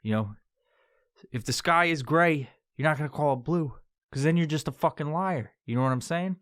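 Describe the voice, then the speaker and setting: Swearing podcast host from New York. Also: male voice, on the high side, moderate pace, a bit bright, no echo, clean studio sound. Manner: exaggerated tough-guy tone, heavy swearing. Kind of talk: solo podcast monologue. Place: podcast studio.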